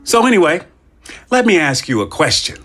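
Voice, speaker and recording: A man's voice: a little high, big pitch swings, normal speed, background noise. Man joking around as podcast host. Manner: joking, rambling, playful asides. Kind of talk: casual podcast chat.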